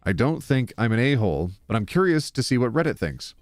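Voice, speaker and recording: A male streamer reads posts aloud and talks back to his chat, his voice swinging widely in pitch as he reacts. The sound is close and dry, with faint music underneath. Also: very animated, brisk, dry recording. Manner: chatty, reacts to chat with sudden loud jumps. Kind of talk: live stream, reading posts aloud with commentary.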